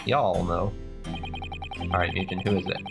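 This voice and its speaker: A man's voice: low-pitched, measured pace, creaky. A man co-hosting a let's play, joking through casual commentary and often breaking into laughter. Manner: joking, laughs often, reads game lines aloud. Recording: loud game music under voice. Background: loud game music.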